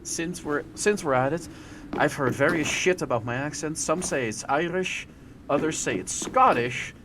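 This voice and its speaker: A man's voice: fairly high pitch, normal speed, noisy background. A Dutch man, native Dutch speaker, ranting and telling stories in casual podcast chat, swearing freely. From Netherlands. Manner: profane, ranting storyteller. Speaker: podcast host.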